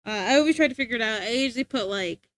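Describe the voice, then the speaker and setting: A young woman streaming live, chatting casually with viewers, giggly, excitable and rambling. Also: a little high, rapid-fire.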